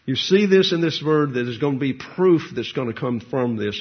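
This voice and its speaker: Husky man teaching Greek Bible words. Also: mid-range voice, animated. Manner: explanatory, stresses Greek words slowly. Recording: dull lo-fi recording.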